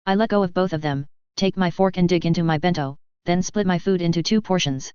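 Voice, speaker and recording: A woman reading fan fiction aloud as narrator in an even, steady manner, in a dull lo-fi recording. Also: fairly low pitch, a little fast, hardly any pauses, clear, resonant tone, no room sound.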